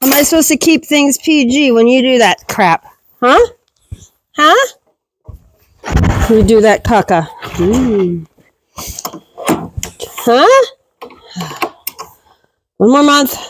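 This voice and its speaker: A woman's voice: a little high, lively intonation, moderate pace, a little hiss or hum, low-quality recording. A woman goat farmer vlogging casually while doing barn chores, talking fondly to her goats and scolding them.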